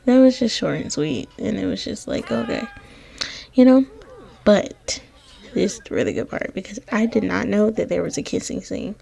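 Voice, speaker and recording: A young woman and gaming content creator provides casual gameplay voiceover on a close mic, her mid-range, mellow voice swinging widely in pitch with vocal fry at a normal speed. Sassy, slangy and dramatic, she addresses her viewers directly over soft background music.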